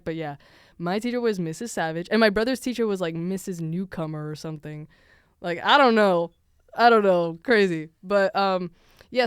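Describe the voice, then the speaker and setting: A woman's voice: lowish voice, smooth, no echo. Young Venezuelan woman, podcast host, rambling chatty storyteller with a dry, close sound. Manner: chatty, many fillers, laughs often. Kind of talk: casual storytelling.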